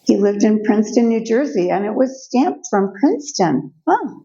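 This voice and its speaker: An older woman speaking as a guest speaker, telling personal stories in a lively way and acting out the voices of the people in them. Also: medium pitch, normal speed, muffled recording. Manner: lively storytelling, acts out quoted voices. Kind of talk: personal storytelling talk. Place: event room.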